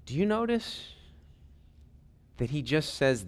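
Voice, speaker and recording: A male pastor preaching a sermon in a conversational, animated way, with folksy asides, who drops to hushed whispers when quoting. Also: medium pitch, unhurried, long pauses.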